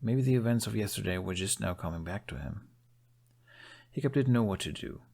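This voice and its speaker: A man narrating a fan fiction audiobook in a steady, measured storytelling manner. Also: lowish voice, gravelly.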